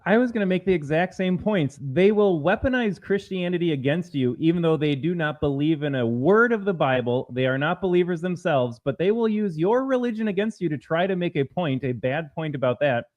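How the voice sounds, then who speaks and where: A man's voice: a little high, expressive, fairly quick, few pauses, darkish tone. Man co-hosting a political stream, argumentative, muffled lo-fi audio. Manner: emphatic, argumentative. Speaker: co-host. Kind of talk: political commentary show.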